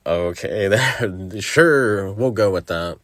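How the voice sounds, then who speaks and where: A man's voice: fairly low pitch, slow, fairly bright tone, no room sound, studio quality. A young man hosting a podcast, giving a blunt, profane movie review with frequent laughter and mocking impressions.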